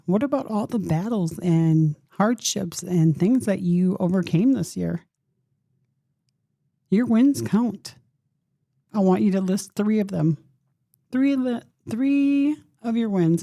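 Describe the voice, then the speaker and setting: A woman's voice: medium pitch, gravelly, dark tone, dry recording, clean studio sound. A woman in her fifties hosting a solo podcast, talking in an earnest, open way and encouraging her listeners directly. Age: 50s. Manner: open and emotional, thinking aloud. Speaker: podcast host. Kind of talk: reflective solo podcast talk.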